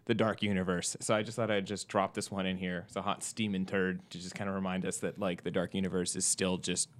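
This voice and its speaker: Low-voiced man in casual chat. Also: brisk. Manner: relaxed, filler-heavy, sarcastic. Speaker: podcast co-host.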